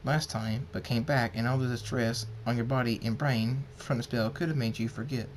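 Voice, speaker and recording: A man's voice: medium pitch, steady tone, normal speed, slight background noise, natural voice. A man doing a rambling, fretful pony doctor. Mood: worried. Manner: rambling, stumbling over words. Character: nervous male pony doctor, blunt and chatty.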